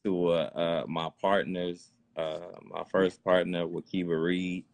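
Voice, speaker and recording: A man, a guest dancer, giving thanks in a casual, halting way with many fillers. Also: low voice, fairly even intonation, a little mellow, no echo.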